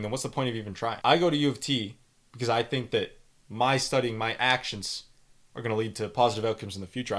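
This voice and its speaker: Young man, Canadian accent, podcast host, blunt, emphatic, opinionated, mid-pitched voice. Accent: Canadian English. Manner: blunt, animated, lectures with emphasis. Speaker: podcast host reading student reviews. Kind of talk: opinionated solo commentary.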